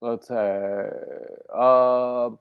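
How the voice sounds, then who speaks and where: A man's voice: mid-range voice, fairly even intonation, extremely slow, clear, resonant tone, no echo, narrow, tinny audio. A man hosting a crafting livestream, rambling casually and reading out viewer comments. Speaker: crochet livestream host.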